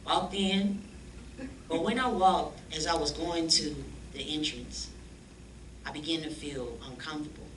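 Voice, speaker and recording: A woman telling her life story as a church guest, animated and slangy, acting out the voices of people she quotes. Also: low-pitched, a little slow. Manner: animated, acts out quoted dialogue in slangy speech. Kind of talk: lively storytelling testimony. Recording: echoey room, distant mic, faint noise.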